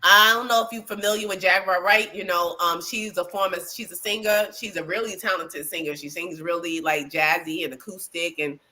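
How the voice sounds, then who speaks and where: Gossip show co-host, woman, bright tone, chatty and profane, full of fillers. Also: lowish voice, a little fast, hardly any pauses. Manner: animated, profane storytelling with many fillers. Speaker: podcast co-host. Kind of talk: casual gossip chat.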